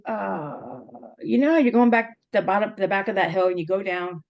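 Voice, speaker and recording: Middle-aged woman chatting about old times, laughs a lot, tells stories with lots of restarts, normal pitch. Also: normal speed, dull audio. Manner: lively, laughs often, storytelling with restarts. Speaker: interviewer, former college rugby teammate. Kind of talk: casual reminiscing conversation.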